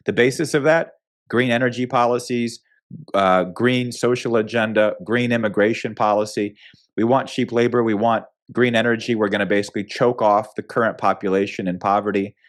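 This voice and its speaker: A man's voice: lowish voice, fairly even intonation, a little fast. Opinionated American man, emphatic commentary. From United States. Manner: opinionated, emphatic, frequent restarts and fillers. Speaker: guest. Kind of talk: casual political interview.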